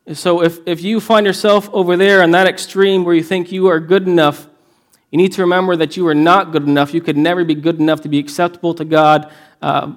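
A man preaching a sermon, earnest and emphatic, often restarting his phrases. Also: a little high. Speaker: pastor.

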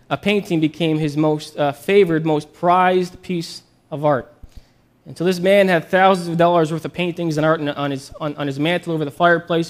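Man, preacher, high voice, conversational sermon, upbeat storytelling.

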